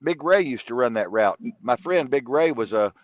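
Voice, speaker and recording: A man's voice: medium pitch, animated, moderate pace, dry recording. Rambling, profane man telling stories. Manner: rambling, profane, repeats himself. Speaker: guest. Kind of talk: casual storytelling interview. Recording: dull lo-fi dry sound.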